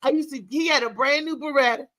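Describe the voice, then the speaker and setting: A middle-aged woman talk show host with a high, bright voice tells a candid story with emphatic, animated energy. Her voice is close and dry, with no room sound. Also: quick pace, no room sound, rough recording.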